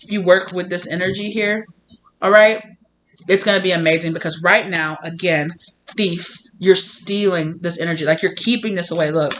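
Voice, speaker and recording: A woman's voice: on the low side, fairly even intonation, normal speed, fairly bright tone, a little hiss or hum. A woman doing a casual tarot reading, chatty and full of fillers, often acting out quoted voices. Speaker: tarot reader.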